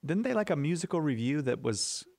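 A man's voice: a little high, brisk, dry recording. A man hosting a live radio call-in show, chatting casually, laughing easily and reading out listener questions. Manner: lively, laughs easily, reads caller questions.

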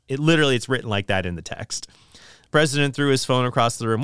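A man's voice: medium pitch, animated, fast, fairly bright tone, smooth, no room sound, studio quality. A middle-aged man talking casually and opinionatedly about books, rambling with frequent restarts.

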